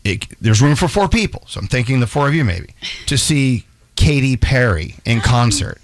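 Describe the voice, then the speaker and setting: A man's voice: mid-range voice, animated, normal speed. A man hosting a morning radio show, upbeat and congratulatory as he banters with the studio crew.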